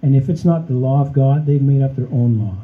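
A man's voice: mid-range voice, fairly quick, phone-quality sound, slight background noise. A man preaching a sermon in a conversational way, often checking in with "okay?" and addressing the congregation as friends. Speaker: pastor.

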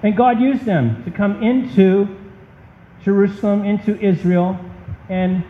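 A man's voice: high voice, measured pace, slight background noise. A man preaching a sermon as a pastor, emphatic and impassioned. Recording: dull, echoey hall.

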